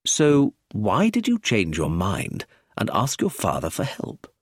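Man playing a stern official from a storybook, low husky voice, cold and formal. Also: huge pitch swings, a little slow, no echo, clean studio sound, full character voice. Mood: cool. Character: cool, formal older police official.

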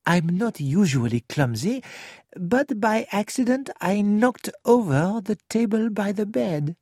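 A reader voicing an excitable, precise detective who asks probing, urgent questions. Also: medium pitch, a little slow, no echo, clean studio sound, voice pushed up.

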